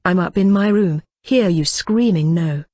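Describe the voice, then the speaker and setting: A woman's voice: on the low side, unhurried, mellow, dry recording. A woman reading the lines of a cocky teenage boy neighbor, amused and lightly teasing. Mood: matter-of-fact.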